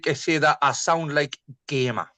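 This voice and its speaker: A man's voice: fairly high pitch, normal speed, over a noisy crowd. A man from northeast England hosting a casual livestream chat from his kitchen, sweary and rambling with many restarts.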